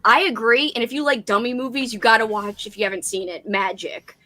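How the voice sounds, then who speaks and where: A woman's voice: on the high side, fairly even intonation, brisk, pushed and bright, dry recording. A young woman hosting a casual livestream chat, giggly and gushing. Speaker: livestream host.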